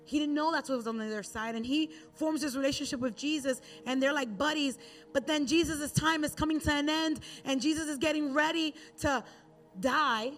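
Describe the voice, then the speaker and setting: A woman with a bright, high voice delivers a sermon as a relaxed, chatty story. A faint bed of music runs quietly underneath. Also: a little fast. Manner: conversational storytelling with acted Bible quotes. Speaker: preacher.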